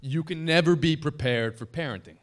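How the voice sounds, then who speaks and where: A man's voice: a little high, a little fast. A man in his thirties, a broadcaster giving an anniversary dinner speech at a podium microphone, self-deprecating and funny but sincere and grateful. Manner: joking, self-deprecating storyteller; heartfelt, grateful tribute. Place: banquet hall dinner.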